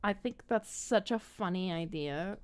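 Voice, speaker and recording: A woman's voice: medium pitch, expressive, slow, clean tone. A woman hosting a casual movie chat, giggly and rambling as she thinks aloud. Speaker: host.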